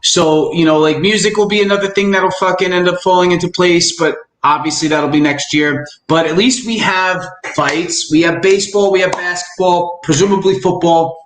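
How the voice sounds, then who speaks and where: A man's voice: sits high, fairly even intonation, moderate pace, hardly any pauses, fairly bright tone, roomy sound, slight background noise. A man hosting a podcast in casual chat, rambling and swearing with stammering restarts. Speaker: podcast host.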